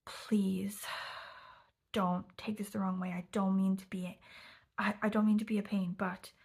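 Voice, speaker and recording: A man's voice: sits high, level tone, unhurried, gravelly, darkish tone, slightly rough, exaggerated voice. A woman voicing a young male venue worker who apologizes with nervous, overly intense earnestness. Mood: anxious. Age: young adult.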